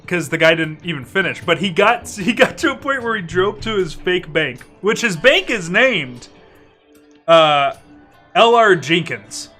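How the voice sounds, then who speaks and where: A man's voice: high voice, animated, measured pace, bright, forceful tone, faint music behind. A young man chatting casually while gaming, telling a story animatedly, swearing often and laughing mid-sentence. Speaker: co-op gaming channel host.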